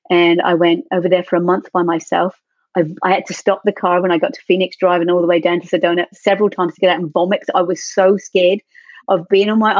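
Woman guest, earnest and open, breathy tone, dead-dry lo-fi capture. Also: on the low side, no room sound. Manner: heartfelt, earnest, easily moved. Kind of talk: candid personal storytelling. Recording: dull lo-fi dry sound.

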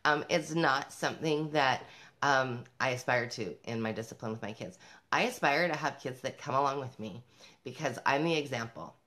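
Her voice rumbles low yet sounds a bit bright, moving at normal speed. She's a parenting vlogger giving mothers an upbeat, emphatic motivational talk to camera, addressing them directly and laughing between points.

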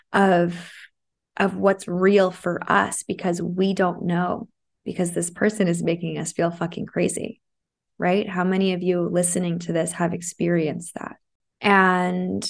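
A woman's voice: lowish voice, vocal fry. Candid, swearing woman podcast host. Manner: candid, swears freely, laughs often. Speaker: podcast host and self-love coach. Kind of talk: casual confessional podcast monologue. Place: podcast room in a co-working space.

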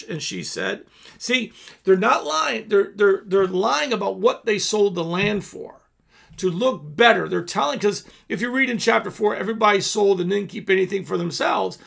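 A man's voice: sits high, expressive, moderate pace, creaky, a bit bright. A man hosting a Bible teaching show, reading scripture aloud and explaining it in a loose, conversational way with frequent restarts.

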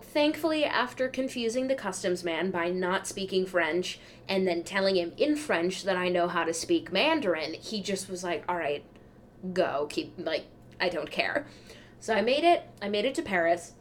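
A young adult woman hosting a podcast, telling travel mishaps in a chatty, wry, self-deprecating way. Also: medium pitch. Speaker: podcast host. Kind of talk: casual travel storytelling.

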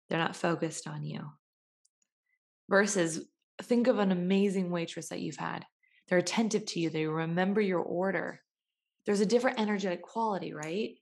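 A young woman talks casually and motivationally, chatting along and slipping into quick little voices to act out everyday scenes. Her voice sits a bit low and has a gravelly, fry-tinged edge.

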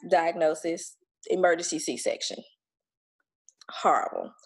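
A woman's voice: low voice, expressive, measured pace, slightly rough. A woman guest telling her story in a casual, blunt and emphatic way, swearing now and then and acting out what others said to her. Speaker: podcast guest sharing her birth story.

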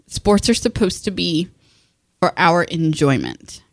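A middle-aged woman chatting casually, animated and laughing often, with frequent restarts. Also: fairly low pitch, takes it slowly, creaky, dry recording, clean studio sound. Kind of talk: casual chat.

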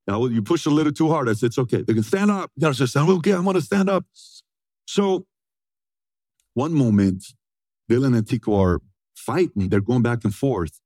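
A man in his forties telling a story to an audience, energetic and punchy, often throwing questions back at them. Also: medium pitch, dry recording. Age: 40s. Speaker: motivational speaker.

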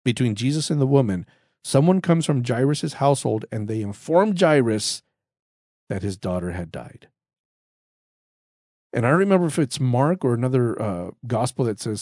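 Man, podcast Bible teacher, earnest and conversational, mellow tone, close dry sound. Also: medium pitch, animated, normal speed, dry recording. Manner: earnest, conversational, with frequent restarts and repetition. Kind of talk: casual spoken Bible teaching.

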